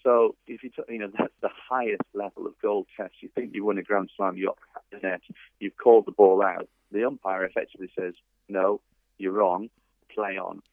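Guest author, male, very low gravelly voice, dry phone-line sound. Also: fairly even intonation, fairly quick, no echo. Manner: thoughtful, anecdotal, frequent fillers. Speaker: tennis author and coach, guest. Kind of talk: interview over a phone line.

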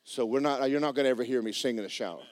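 A man preaching in a church, telling a story and acting out the people in it with sudden loud bursts. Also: very fast, dry recording. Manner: animated, acts out quotes with sudden loud high bursts. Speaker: pastor. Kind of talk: sermon storytelling. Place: church sanctuary.

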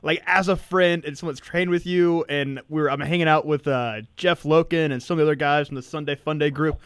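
A man's voice: on the high side, steady tone, fairly quick, fairly bright tone, clear, resonant tone, dry recording, studio quality. A male co-host chatting in a friendly, supportive way with a guest. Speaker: podcast co-host. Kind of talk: casual chat.

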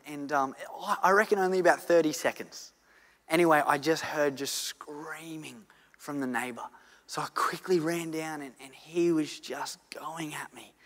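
A man preaching a sermon, earnestly telling a story and swinging from loud to hushed. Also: fairly high pitch. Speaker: pastor. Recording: long church hall reverb.

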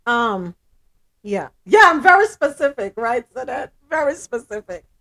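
A woman hosting a podcast in casual chat, blunt and animated, often laughing. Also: on the high side, unhurried. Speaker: podcast host.

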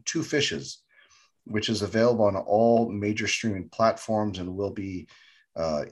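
A man with a lowish, slightly rough voice co-hosts a podcast, chatting casually in an upbeat, enthusiastic way and saying "fantastic" a lot.

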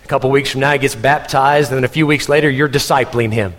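A man from Texas, preaching a sermon in an animated storytelling manner and laughing as he goes. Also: medium pitch, quick pace, big-room sound. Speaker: pastor.

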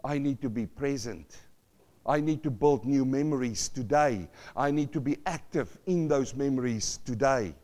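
A male pastor preaching a sermon, swinging from loud cries to hushed asides and asking the congregation questions. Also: medium pitch, normal speed. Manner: repeats phrases, asks the congregation questions.

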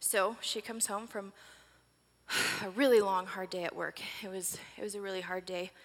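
A woman in her forties telling a sermon story dramatically, swinging from breathless excitement to hushed whispers. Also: mid-range voice, normal speed. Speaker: preacher. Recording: long reverb of a large hall.

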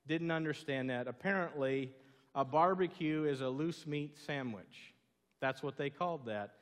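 A man's voice: on the high side, moderate pace, a bit bright. A man with a Southern American accent preaching a sermon as a pastor, telling stories and asking the congregation questions. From southern United States. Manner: storytelling, conversational, asks the congregation questions. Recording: long hall reverb.

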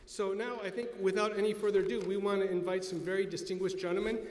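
A man's voice: sits high, level tone, fast. A man emceeing a community event, chatty and loose, ad-libbing as he works through a list of guests. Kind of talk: casual announcements. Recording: echoey hall, faint noise.

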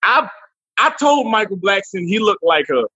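A man guest on a remote interview, telling animated stories with frequent laughs and restarts. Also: high-pitched, moderate pace, breathy edge, dry recording, highs cut off. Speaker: guest comedian. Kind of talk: casual interview chat. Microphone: remote call.

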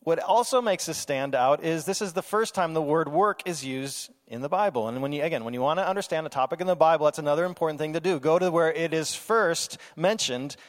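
A man preaching a sermon in a lively, conversational way, with playful asides and quoted voices. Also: on the high side, fairly quick, in a large hall. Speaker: pastor.

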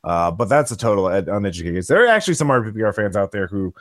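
A man's voice: lowish voice, expressive, rapid-fire, no echo, studio quality. A man chatting casually as a podcast guest, rambling with many restarts and fillers. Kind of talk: casual chat.

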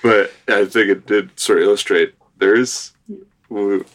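Male participant, deep voice, hesitant, lots of pauses and fillers, casual group talk. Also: fairly even intonation. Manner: hesitant, searching for words. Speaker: retreat participant.

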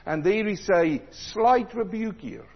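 A man preaching a sermon, swinging between loud emphatic passages and low, quiet asides. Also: sing-song, slow pace, slightly rough, lo-fi sound.

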